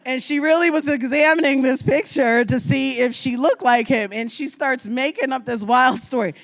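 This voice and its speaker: A woman from New York giving a storytelling presentation as a guest speaker, animated and often laughing as she acts out her family's words. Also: high voice, normal speed, vocal fry, few pauses. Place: lecture at a state archives building.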